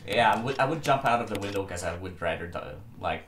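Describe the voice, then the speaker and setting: A man chatting on a gaming stream in a halting way, often breaking into laughs. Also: lowish voice, expressive, fairly bright tone. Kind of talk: casual gaming stream chat. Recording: roomy and noisy.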